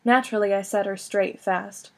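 A woman's voice: medium pitch, fairly even intonation, normal speed, creaky. A woman reading a first-person story aloud as an audiobook, in a wry, conversational way. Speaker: audiobook reader.

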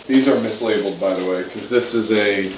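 A man's voice: lowish voice, brisk, a little hiss or hum. A young American man co-hosting a casual quiz chat with his wife, dry and matter-of-fact. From United States. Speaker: co-host, husband. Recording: echoey room.

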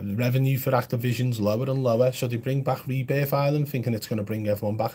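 A husky-voiced man talks loosely to his live-stream chat, blunt and chatty as he answers viewer comments. His pitch sits in an ordinary middle range for a man. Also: dark tone.

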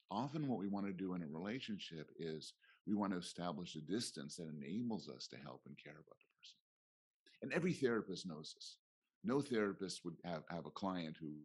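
Middle-aged guy with a deep husky voice, thoughtful professor talk at a conference. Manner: reflective, acts out quoted voices. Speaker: guest professor. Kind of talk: conference interview.

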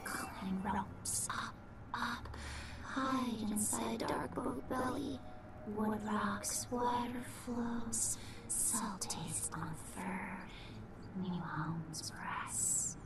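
Whispery game rats, creepy slow broken rat-talk, kinda high, heavy game noise behind. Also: female voice. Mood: hushed. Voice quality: breathy, broken rat-speak. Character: chorus of whispering sewer rats, cryptic and hungry. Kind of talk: whispered role-play.

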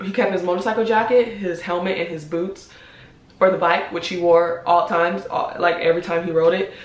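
A young woman speaks in a confiding vlog, and her voice carries a noticeable room echo. She is heartfelt and hesitant, with frequent pauses and ums. She sounds close to tears while she keeps her composure. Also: lowish voice. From United States. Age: 20s. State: holding back tears. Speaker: vlogger. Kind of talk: personal confessional vlog. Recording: roomy echo.

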